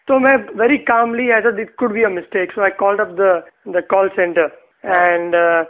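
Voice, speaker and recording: A man with an Indian English accent telling a personal story in a relaxed, easy-laughing manner. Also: high voice, normal speed. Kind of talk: casual anecdote telling. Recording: tinny phone-like sound.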